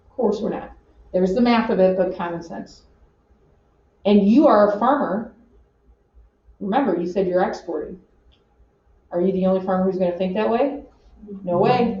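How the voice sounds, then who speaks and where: A woman teaching an economics class in an animated, joking way, acting out her examples. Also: medium pitch. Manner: animated, jokey, acts out examples. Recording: roomy, distant, dull classroom audio.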